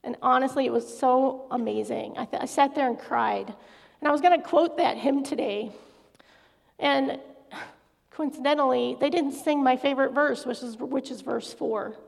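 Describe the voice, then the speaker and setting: A woman's voice: high-pitched, moderate pace, gravelly. A middle-aged woman giving an earnest, confessional personal faith testimony as a guest speaker in a large hall. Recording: echoey hall reverb.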